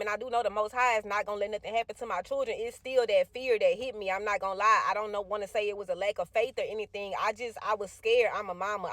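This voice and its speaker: A woman's voice: fairly high pitch, a bit bright, no room sound. A woman in her thirties, a mother, telling a personal story in a casual storytime vlog with lots of slang.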